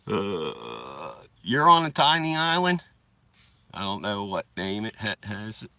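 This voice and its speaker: A young man livestreaming and spinning rambling stories to his viewers, swearing freely and laughing at his own tales. His voice is bright and forceful, and his pitch swings widely. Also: big pitch swings, slow, creaky, no echo. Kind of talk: casual storytelling.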